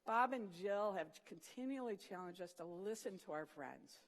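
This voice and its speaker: Speaking at normal speed with a medium-pitched voice and a big-room sound, an animated storyteller shares a funny story in a devotional talk, acting out its quotes, during a morning session of a Christian student program.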